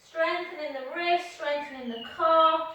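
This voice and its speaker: Slow, gentle woman teaching pilates. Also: sits high, dull audio. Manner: slow, gentle cueing with counting, chatty asides. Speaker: pilates instructor. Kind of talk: live online class instruction. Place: home room with dog nearby. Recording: echoey room heard from a distance.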